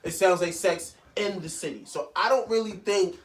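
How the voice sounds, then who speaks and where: A man's voice: sits high, moderate pace. A man co-hosting a casual podcast, arguing his point and cutting in to make himself heard. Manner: argumentative, interrupting. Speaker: podcast co-host. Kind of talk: casual chat.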